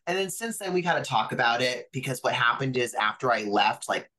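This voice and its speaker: Male wrestler guest, chatty storyteller, bright edge to the voice, average pitch. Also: animated, a little fast, poor audio. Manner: chatty, lots of fillers and quoted dialogue. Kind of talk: casual storytelling interview.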